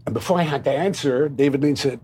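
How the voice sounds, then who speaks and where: A man with a Cockney accent telling stories at a roundtable, lively and animated, slipping into impressions. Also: medium pitch, quick pace, a little hiss or hum. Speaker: guest storyteller. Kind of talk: anecdotal roundtable storytelling.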